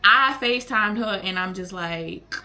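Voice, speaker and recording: A woman's voice: medium pitch, unhurried, faint music behind. A woman, chatting animatedly to viewers as she tells a storytime vlog. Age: late 20s. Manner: animated, chatty, slangy, talks to viewers as y'all. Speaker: vlogger. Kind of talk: casual storytime chat.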